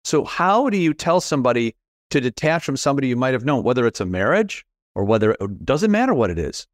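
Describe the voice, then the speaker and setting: Middle-aged male host, rambling and self-deprecating, medium pitch, dry close sound. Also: sing-song, fast talker, dry recording. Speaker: podcast host. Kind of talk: casual conversational interview.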